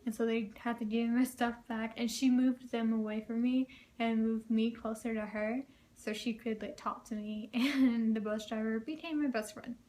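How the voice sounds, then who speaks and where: A woman's voice: fairly high pitch, fairly even intonation, moderate pace, dark tone. A young woman vlogger telling personal stories in a casual, chatty way, full of fillers and frequent laughter. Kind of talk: casual storytelling vlog.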